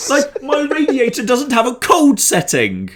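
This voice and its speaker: A man's voice: very high voice, wildly swooping pitch, measured pace, a bit bright, a little hiss or hum. A young British man hosting a casual podcast, rambling through jokey guesses and swearing freely. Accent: British English. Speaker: podcast host.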